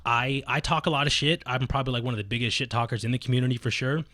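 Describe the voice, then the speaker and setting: A quick, brash man talks as a podcast guest and rattles off stories at high speed, packing them with swearing and fillers. His voice sits in a middle register. The sound is dry and close. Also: no room sound. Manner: fast, animated, profane storytelling full of fillers. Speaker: podcast guest, competitive fighting game player. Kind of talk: casual podcast chat.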